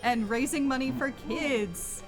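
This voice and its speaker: A woman's voice: sits high, measured pace. A woman from Iowa co-hosting a charity gaming stream, chatting easily and making a donation appeal. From Iowa, United States. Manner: easygoing, laughs often, earnest when appealing. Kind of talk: casual chat and charity appeal. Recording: music playing underneath.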